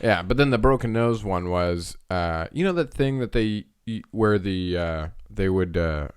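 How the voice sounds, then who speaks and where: A man with a low voice chats casually on a podcast. He tells stories animatedly and slips into the voices of the people in them. The sound is dry and close. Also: unhurried, clear, resonant tone, no echo. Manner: animated storyteller acting out quoted voices. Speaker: podcast co-host. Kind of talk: casual chat.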